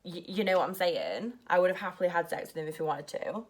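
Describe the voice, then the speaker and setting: A young woman telling a story in a casual vlog, rushed and nervous, saying "like" constantly. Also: on the low side, animated. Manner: rushed and nervous, heavy use of "like". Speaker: vlogger.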